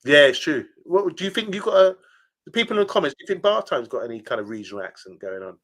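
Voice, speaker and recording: A man's voice: on the high side, very animated, quick pace, fairly bright tone. A man co-hosting a casual podcast chat, telling rambling stories full of fillers. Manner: chatty storyteller, rambling with fillers. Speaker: podcast co-host.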